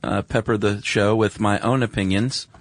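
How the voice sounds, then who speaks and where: A man's voice: fairly low pitch, fairly even intonation, moderate pace, no echo. A man co-hosting a podcast in casual chat, laid-back and easygoing, chuckling often. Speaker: podcast co-host.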